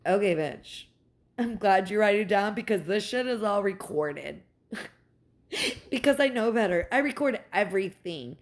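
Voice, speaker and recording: A young woman, a mother, in a heated and profane personal rant, sarcastic and quick to mock others. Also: mid-range voice, animated. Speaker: mother venting about her ex's family.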